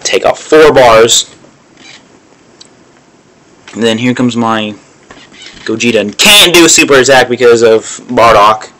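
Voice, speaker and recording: Slow-talking man with a bright voice. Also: medium pitch. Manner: crude, swearing, muttering to himself while playing. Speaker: gamer. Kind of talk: mobile game commentary.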